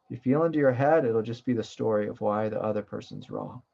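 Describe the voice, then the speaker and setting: A man, a meditation teacher, giving a satsang talk in a gentle, reflective way with many fillers and asides. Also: on the low side, fast, creaky, lo-fi sound.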